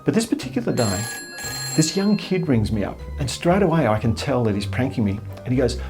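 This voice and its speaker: An older man telling a jokey story in a casual, animated way. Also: mid-range voice, fairly quick, faint music behind. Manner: jokey, animated, acts out voices.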